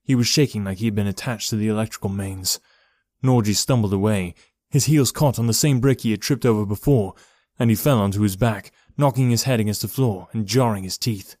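A man giving a steady, measured reading of a horror story as narrator. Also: fairly low pitch, no echo, clean studio sound. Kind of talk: scripted horror audiobook narration.

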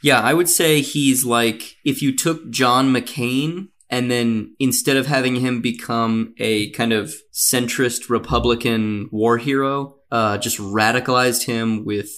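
A man hosting a podcast, telling a story from a script in a relaxed, casual way with many fillers. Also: mid-range voice, unhurried, few pauses. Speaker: podcast host.

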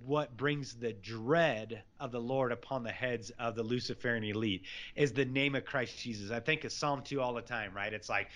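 A man's voice: mid-range voice, fairly bright tone. Fervent preachy man. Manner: fervent, preachy, rapid scripture-laden rants. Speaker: guest. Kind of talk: impassioned religious commentary.

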